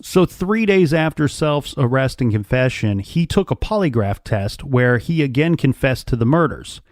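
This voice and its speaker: A man co-hosting a true crime podcast, recounting case details at a quick clip with dry asides. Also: mid-range voice, animated, no echo. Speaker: podcast co-host.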